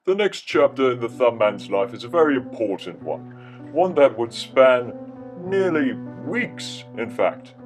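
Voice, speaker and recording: A man at a middle pitch narrates a silly tale like a mock nature documentary. He rambles, restarts and swears for laughs. Faint music plays underneath. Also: big pitch swings, unhurried. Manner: rambling, jokey, with profanity and restarts. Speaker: storyteller.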